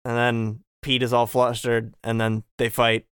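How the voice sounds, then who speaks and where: A man's voice: mid-range voice, completely flat delivery, measured pace, clean tone. A young man co-hosting a podcast, recapping a game in a playful, jokey way. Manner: playful, jokey, fond of doing voices. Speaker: podcast co-host. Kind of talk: casual chat recapping a game.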